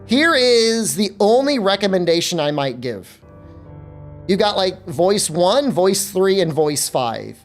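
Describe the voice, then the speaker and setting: A man's voice: high voice, sing-song, slow, soft background music. A man live-streaming a game, chatting loosely with viewers and joking as he talks. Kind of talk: casual live-stream chat.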